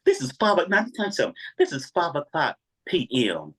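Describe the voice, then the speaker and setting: A man's voice: a little high, quick pace, husky. A man telling a dramatic personal story as an interview guest, acting out each voice in it. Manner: animated, acts out every voice in his story.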